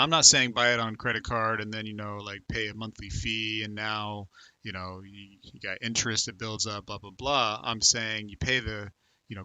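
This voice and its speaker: A man in his thirties from the United States hosts a loose livestream chat, greeting viewers by name and wandering from thought to thought with many fillers. His voice sits a little low but sounds very bright and forceful. The sound is dry and close, with no room echo. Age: 30s. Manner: rambling, filler-heavy, talks to viewers by name. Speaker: livestream host. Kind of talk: casual live chat reading comments.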